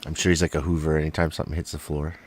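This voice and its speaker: A man's voice: very deep voice, little pitch movement, very fast. A man co-hosting a casual podcast chat, making dry, blunt short remarks.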